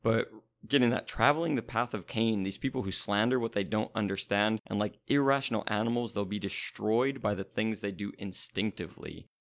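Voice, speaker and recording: A man's voice: on the low side, brisk. A man explaining scripture in an easygoing, casual Bible discussion.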